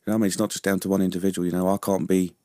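Speaking very fast in a low, warm voice with little pitch movement, a veteran Londoner chats casually as a radio interview guest. He laughs often and keeps asking "you know what I mean?", and the studio recording is clean with no echo.

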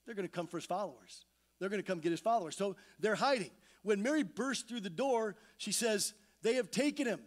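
A male pastor preaching a sermon, retelling scripture with lively storytelling and acted-out voices. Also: high-pitched, fairly quick. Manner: animated storytelling, acting out voices. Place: church sanctuary.

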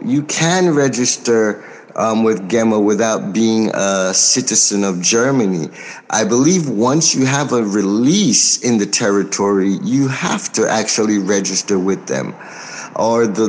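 An American man, a record producer, answering interview questions in a measured way, pausing often with soft fillers and speaking forthrightly. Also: lowish voice. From United States. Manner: outspoken and forthright. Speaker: record producer and label owner.

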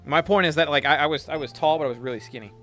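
A man's voice: a little high, rapid-fire, a bit bright, soft background music. A young man streaming a game, chatting casually and telling a profane story while reading chat.

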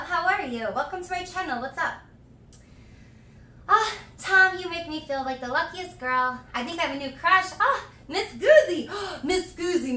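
A young woman streaming live, chatting with viewers and thanking them in a bubbly, gushing way with excited shouts. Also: high voice, distant mic. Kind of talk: live stream chat, reading donations. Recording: echoey room, voice a little off-mic.

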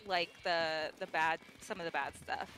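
A woman's voice: low-pitched, moderate pace, a little hiss or hum. A woman guest on a charity game stream, chatting casually and a little bashfully. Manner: animated, bashful.

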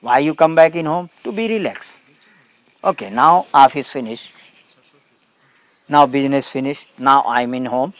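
A man giving a spiritual talk to a gathering in simple, broken English, calmly repeating short phrases. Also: medium pitch, measured pace, pauses often, dry recording. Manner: calm, emphatic contrasts. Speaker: spiritual teacher.

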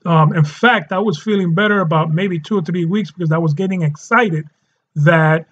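A man with a New York accent giving an emphatic testimonial to camera from his attic room, addressing viewers as ladies and gentlemen. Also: on the high side, moderate pace, dull audio. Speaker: supplement testimonial speaker.

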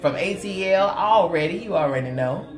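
A woman's voice: fairly low pitch, expressive, moderate pace. A woman from Oklahoma hosting a makeup livestream, chatting in a sassy, playful way and calling out to viewers by name. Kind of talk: casual livestream chat with viewers. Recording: roomy sound with faint music.

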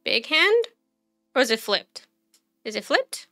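A woman's voice: high-pitched, sing-song, slow, pushed and bright, no echo, clean studio sound, soft background music. A woman streamer giving casual let's-play commentary, chatty, thinking aloud and quizzing the game characters.

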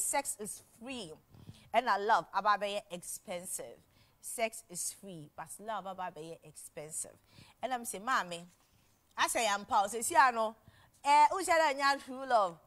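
Young ghanaian woman hosting a tv show, chatty and animated, laughs a lot, voice on the higher side. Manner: animated, laughing, switching languages. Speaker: TV show host. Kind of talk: casual chat mixing English and Twi.

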